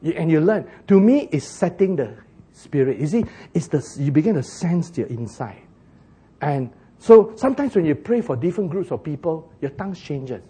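Male preacher, husky tenor, playful, loud laughing bursts. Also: on the high side, very animated, moderate pace. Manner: jokey, laughs often, rising to loud bursts. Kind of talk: sermon.

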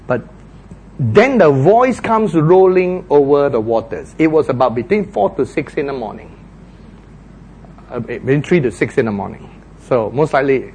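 A man preaching a sermon, retelling a story dramatically with shouted voices for its characters. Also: medium pitch, slight background noise.

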